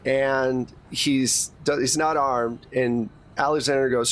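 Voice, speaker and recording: A man's voice: medium pitch, steady tone, slow pace. A man narrating a tabletop game as game master in a casual, profane way.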